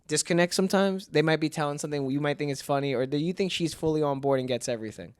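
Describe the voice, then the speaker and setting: A man's voice: fairly high pitch, fast, clean tone, dry recording. A man hosting a podcast, chatting loosely and teasing his guest, swearing and laughing easily. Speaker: podcast host. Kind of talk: casual chat. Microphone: studio mic.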